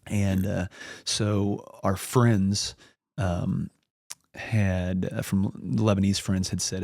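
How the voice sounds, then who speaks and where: Deep gravelly man telling a story. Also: little pitch movement, extremely slow, darkish tone, no echo, clean studio sound. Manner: rambling anecdotal, acts out quoted dialogue. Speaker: podcast guest. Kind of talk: casual storytelling.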